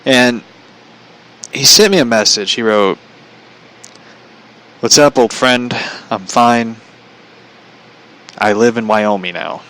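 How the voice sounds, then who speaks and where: A man's voice: medium pitch, slow pace, pauses often, fairly bright tone, low-quality recording. A man casually telling a personal story, chatty, relaying a conversation line by line and laughing often.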